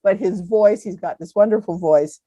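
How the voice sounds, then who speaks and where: Chatty woman in her seventies, warm tone. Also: mid-range voice, normal speed, slightly rough, no room sound, highs cut off. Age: 70s. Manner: chatty storyteller, laughs often. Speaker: podcast guest. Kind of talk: casual interview chat.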